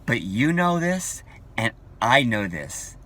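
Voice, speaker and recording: Brief: forties male vlogger, slow, bright, combative and repetitive. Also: mid-range voice, big pitch swings. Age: 40s. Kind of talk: ranting vlog monologue.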